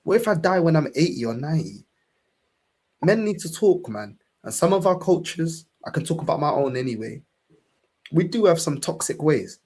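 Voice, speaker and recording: Speaking in a husky, darkish voice that is a little high and swings broadly in pitch, a young Londoner from England talks on his fan channel's casual podcast. He's fiery and swears freely, peppering everything with "bro," at a moderate pace.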